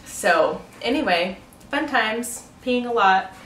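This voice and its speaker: A woman's voice: on the high side, lively intonation, slow pace, fairly bright tone, distant mic, a little hiss or hum. Chatty young woman in an echoey room. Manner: chatty, laughs often, many fillers like "like" and "um". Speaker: pregnancy vlogger. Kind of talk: casual chatty vlog.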